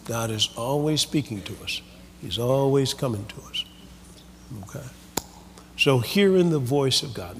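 Slow-talking preacher guy, pitch bouncing all over, big echoey church hall. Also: slight background noise. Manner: lively, call-and-response preaching with quoted voices. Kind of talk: sermon.

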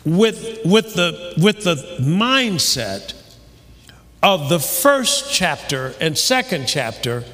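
A man's voice: fairly high pitch, slow pace. Preaching man in a reverberant hall. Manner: animated preaching, rising to shouts; many restarts and fillers. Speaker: pastor. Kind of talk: sermon.

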